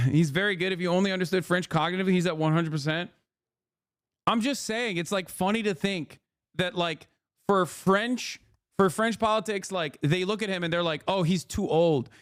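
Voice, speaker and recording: Joking profane streamer, crisp voice. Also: male voice, sits high, moderate pace, fairly bright tone, dry recording, clean studio sound. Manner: rambling, profane, joking riffs. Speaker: streamer host. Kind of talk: live-stream reaction commentary.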